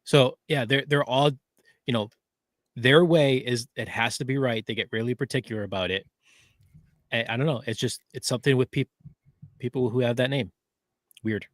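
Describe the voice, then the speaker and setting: A man's voice: mid-range voice, moderate pace, pauses often, no echo. A man co-hosting a casual podcast, chiming in with short, dry, teasing remarks. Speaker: podcast co-host.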